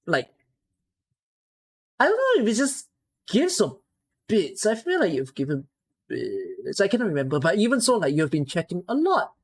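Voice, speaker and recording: A Singaporean woman with a Singaporean English accent, chatting casually with viewers on a live stream, rambling and breaking into excited exclamations. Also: on the low side, normal speed, pauses often, slightly rough.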